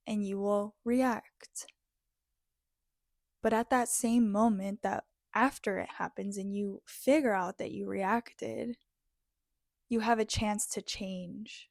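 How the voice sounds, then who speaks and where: A woman talks through personal growth in a slow, earnest way, leaving pauses as she searches for words. Her voice sits at a middle pitch and sounds close and dry, with no room echo. The delivery stays heartfelt and reflective. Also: steady tone, creaky. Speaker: spiritual self-help speaker. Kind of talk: reflective motivational talk.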